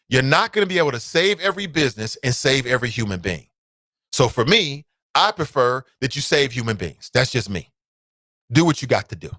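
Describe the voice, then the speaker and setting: A man's voice: a little high, sharp tone, dry recording. Blunt, fired-up male talk show host. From United States. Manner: blunt, fired-up ranting with swearing. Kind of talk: opinionated solo commentary.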